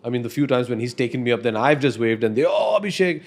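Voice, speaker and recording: A man's voice: medium pitch, very fast. A man, earnestly telling a personal story as a podcast guest. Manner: earnest, reflective, animated when telling stories.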